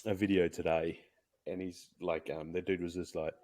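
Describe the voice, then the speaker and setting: A man co-hosting a casual gaming podcast, telling animated stories about online matches. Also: sits low, normal speed, no room sound, clean studio sound. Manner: animated storyteller who acts out other players' voices. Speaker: podcast co-host.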